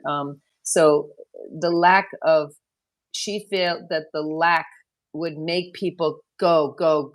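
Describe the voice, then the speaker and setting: A woman who directs a wellness center, talking earnestly in an interview, often repeating words as she rambles through a thought. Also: sits low. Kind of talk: conversational interview.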